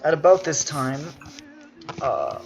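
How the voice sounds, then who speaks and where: A man's voice: fairly high pitch, huge pitch swings, takes it slowly, faint music behind, low-quality recording. A man narrating as game master in a tabletop horror game, talking loosely and jokingly, with some swearing.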